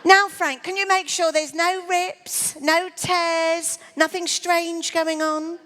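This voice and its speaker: Comic stage magician: woman, high voice, flirty teasing patter. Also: little pitch movement, slow, fairly bright tone. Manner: teasing and flirty, calls the volunteer darling. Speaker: comedy magician. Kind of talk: stage comedy patter with a volunteer.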